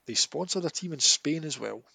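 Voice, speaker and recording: Animated Scottish man, slightly husky. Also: fairly high pitch, a little fast, no room sound. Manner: animated, laughs often, emphatic rants. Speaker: podcast co-host. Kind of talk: casual chat.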